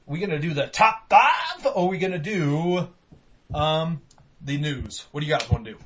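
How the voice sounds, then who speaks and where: A young man hosts a casual podcast in a rambling, profane, animated way, his pitch swinging widely over a slightly raised voice. His tone is husky. The audio is dull and lo-fi. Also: moderate pace. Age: young adult. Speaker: podcast host.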